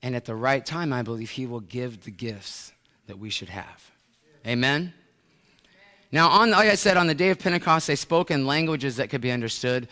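A middle-aged American pastor preaching a sermon, telling a story with swings from hushed to loud. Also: male voice, mid-range voice, lively intonation, moderate pace. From United States. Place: large church sanctuary. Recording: long church hall reverb.

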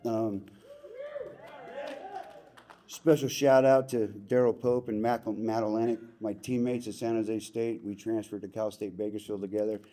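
A man's voice: on the low side, flat delivery, a little slow, mellow. A middle-aged man giving an emotional hall of fame acceptance speech in a plainspoken, folksy way with casual slang. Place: banquet hall ceremony.

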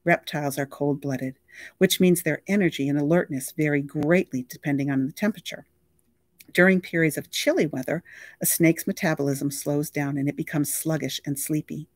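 A library reader reading a novel aloud with lively, expressive storytelling. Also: mid-range voice, normal speed, no echo, studio quality.

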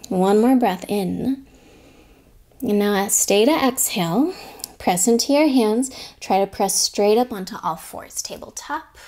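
A young adult woman teaching a yoga class, giving calm step-by-step cues and whispering some words. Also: medium pitch, a little slow. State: slightly out of breath. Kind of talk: guided yoga class instruction.

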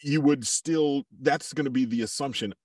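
A man who works as a voiceover artist and coach, speaking as a podcast guest in a measured, reflective way and giving examples. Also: medium pitch, a little mellow, husky, no room sound, clean studio sound, recorded from a distance. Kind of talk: podcast interview, thoughtful conversation.

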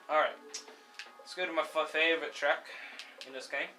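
A young man giving casual, excitable let's-play commentary while racing, swearing freely and cheering the cars on. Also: a little high, normal speed, pauses often. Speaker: gameplay commentator. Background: game music and car engine sounds.

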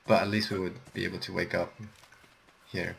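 Low gravelly man, jumpy gamer. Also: little pitch movement, a little fast, a bit bright, slight background noise. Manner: jumpy, nervous reactions to the game. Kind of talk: casual co-op gameplay chat.

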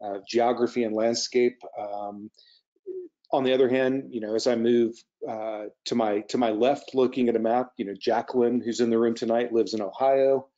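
Virginia guy hosting a talk, warm mellow voice, lots of ums, lo-fi. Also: medium pitch, fairly even intonation, normal speed. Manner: friendly, hesitant questioning. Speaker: moderator. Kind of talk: moderated public conversation.

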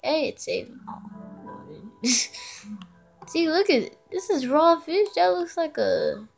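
Woman commentator for a gameplay video, unhurried delivery, giggly and chatty. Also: sits high, big pitch swings, gravelly, faint music behind. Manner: giggly, chatty, talks to game animals.

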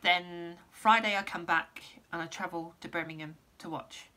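Woman, casual vlogger, losing her voice, lowish pitch, rambly. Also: steady tone, moderate pace, pushed and bright. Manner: rambling, lots of ums and restarts. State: losing her voice, clearing throat. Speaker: musician giving an update. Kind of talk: casual vlog update.

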